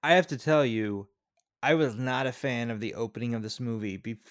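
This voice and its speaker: A man co-hosting a movie podcast, thinking aloud in a relaxed chat. His voice sits in the middle pitch range, and he often pauses and restarts. The sound is dry and close. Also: no echo. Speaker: podcast co-host. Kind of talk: casual movie review chat.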